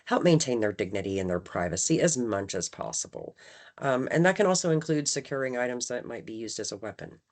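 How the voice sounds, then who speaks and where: This very deep, animated female voice moves fairly quickly through a training presentation for staff. She talks conversationally, checks in often with "right?", and dramatizes phrases, changing which words she stresses.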